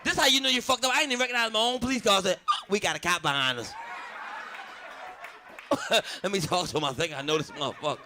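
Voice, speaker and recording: A man's voice: high voice, fast talker, sharp tone, a little hiss or hum. A man from Baltimore doing a profane stand-up comedy set, brash and laughing at his own jokes.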